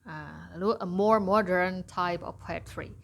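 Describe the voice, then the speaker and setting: Slow-paced Indonesian woman lecturing. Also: on the low side, vocal fry. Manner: slow, switches between English and Indonesian, frequent fillers. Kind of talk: university lecture on poetry.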